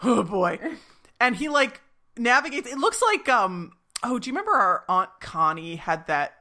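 A woman's voice: on the high side, big pitch swings, moderate pace, bright, forceful tone. A woman in her thirties co-hosting a casual show recap, chatty and retelling scenes in playful quoted voices. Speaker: podcast co-host recapping a TV episode.

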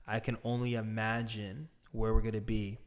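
A man giving an earnest monologue straight to his viewers, deliberate and emphatic, drawing out the words he stresses. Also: on the low side, level tone. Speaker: speaker addressing viewers. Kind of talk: earnest direct-address monologue.

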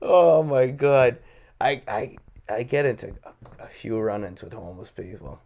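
A man's voice: medium pitch, animated, normal speed, vocal fry, darkish tone. A man telling petty street run-in stories in a casual chat, swearing a lot and acting out the voices of the people in them, laughing often. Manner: profane, laughing, acts out voices in his stories; petty and confrontational. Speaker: podcast co-host.

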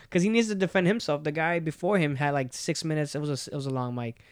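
Smooth-voiced young man chatting. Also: a little high, quick pace, no echo, studio quality. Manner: relaxed storytelling with many fillers. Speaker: stand-up comedian and podcast host. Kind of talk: casual chat.

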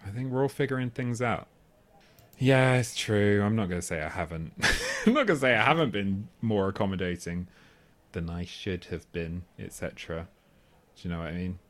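A man's voice: on the low side, normal speed, a bit bright. A man co-hosting a film podcast in casual chat, rambling, often restarting, laughing and asking "do you know what I mean.". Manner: laughs often while talking. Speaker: podcast co-host.

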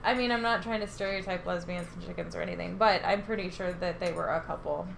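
A woman's voice: fairly low pitch, quick pace, creaky, fairly bright tone, slight background noise. A young woman co-hosting a podcast, chatting casually with lots of fillers, swearing and giggling. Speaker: podcast co-host. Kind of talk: casual chat.

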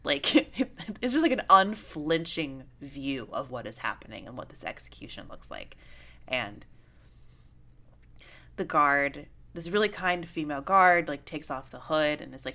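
A young woman co-hosting a casual film discussion, animated and swearing, full of "like" fillers. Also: on the low side, moderate pace. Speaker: podcast co-host.

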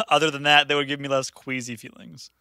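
A man's voice: medium pitch, steady tone, fairly quick, creaky, bright, forceful tone, clean tone, no room sound. A man co-hosting a podcast who stammers and breaks into laughs often. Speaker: podcast co-host. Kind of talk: casual podcast chat.

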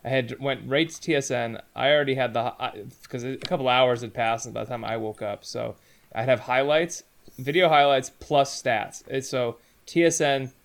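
A man's voice: medium pitch, fairly even intonation, moderate pace. A man co-hosting a casual sports podcast by call from abroad, rambling and correcting himself as he talks. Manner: rambling, self-correcting, laughs easily. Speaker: podcast co-host.

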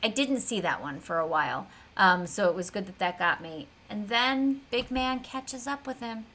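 A woman co-hosting a podcast, retelling a TV episode in a chatty, animated way with plenty of fillers. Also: medium pitch, normal speed. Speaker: podcast co-host. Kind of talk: casual recap of a TV episode.

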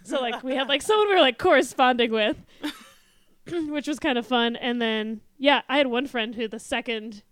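A young woman tells a story in casual conversation, acting out what people said and laughing along the way. Her voice is bright and smooth and sits a little high. The sound is close and dry. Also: moderate pace, dry recording. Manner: animated storyteller, quotes people, laughs often. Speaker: guest telling a travel story. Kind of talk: casual chat.

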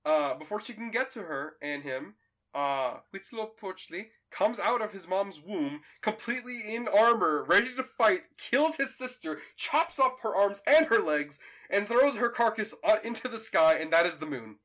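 A young man co-hosting a podcast, telling stories in an animated, laughing way. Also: high voice, moderate pace. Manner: animated and laughing, bursts of energetic storytelling. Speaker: podcast co-host. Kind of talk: casual chat.

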